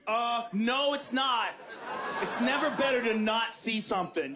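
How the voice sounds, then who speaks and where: A man performing stand-up comedy, animated and profane, acting out voices in his bits. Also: very high voice, normal speed, noisy background.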